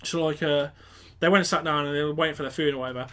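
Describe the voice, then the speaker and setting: A young man, telling an animated story on a casual podcast and acting out the voices. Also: a little high, rapid-fire. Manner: animated, acts out quotes, swears, laughs. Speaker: podcast co-host.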